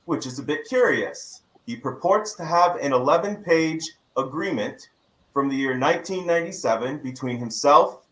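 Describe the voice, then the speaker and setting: A man talks through a lawsuit in a measured, explanatory way, like an attorney on a podcast panel. His voice is bright and forward. The room around him is echoey. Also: on the high side, expressive.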